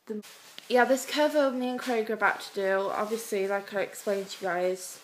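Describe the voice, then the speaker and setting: A British woman talking straight to her viewers in a confessional vlog. She rambles in a heartfelt, emotional way, in a voice of ordinary middle pitch. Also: steady tone, normal speed, a little hiss or hum, rough recording. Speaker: vlogger.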